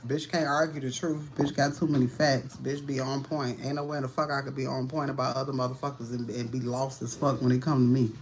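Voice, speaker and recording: A woman's voice: very deep voice, level tone, fairly quick, hardly any pauses, darkish tone, slight background noise. A woman giving a casual livestream tarot reading, talking in a blunt, profane, slangy way and sounding tired and annoyed. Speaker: tarot reader.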